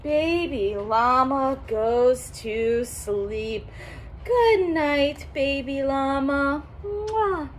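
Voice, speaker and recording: A woman's voice: high voice, lively intonation, drawn-out words, slight background noise. A woman reading a children's picture book aloud in a sing-song, teacherly way, stopping to explain words to young listeners. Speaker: storybook reader for children.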